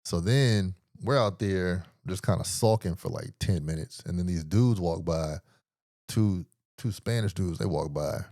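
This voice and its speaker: A podcast host with a lowish, darkish voice tells a story at a slightly slow pace, relaxed and casual, full of slang and swearing. He performs other people's lines along the way, and the sound is dry and close with no room echo.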